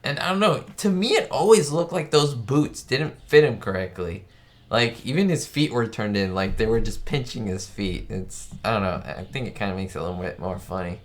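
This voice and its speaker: A man's voice: fairly low pitch, normal speed. A man hosting a live stream, chatting enthusiastically in a casual way and reading out viewer questions.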